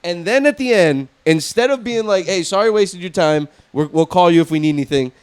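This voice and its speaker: A young man co-hosting a podcast, telling a story in a casual, animated way, swearing and acting out what people said. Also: high-pitched, smooth. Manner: fast, animated, swearing, acts out quotes. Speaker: podcast co-host.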